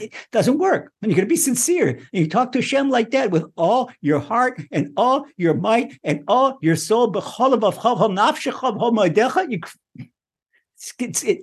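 A man giving a Torah lesson in an animated, repetitive way, acting out prayers and laughing often. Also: high voice, slightly rough. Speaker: Torah teacher.

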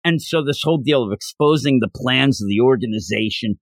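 A man co-hosting a podcast, excitedly retelling a manga chapter in casual chat, rambling with many restarts. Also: medium pitch, fairly quick, no echo, clean studio sound. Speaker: podcast co-host. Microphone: podcast microphone.

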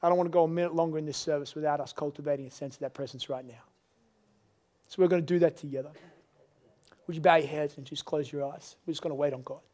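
A middle-aged man preaching a sermon as pastor, earnest and confessional, rising to loud pleading. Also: fairly high pitch, fairly even intonation, quick pace. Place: church service.

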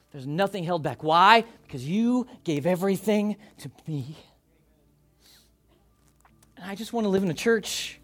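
A high-voiced man, a pastor, preaches an impassioned sermon to a church congregation during a service. He rises to loud calls, then drops to hushed lines that are nearly whispered.

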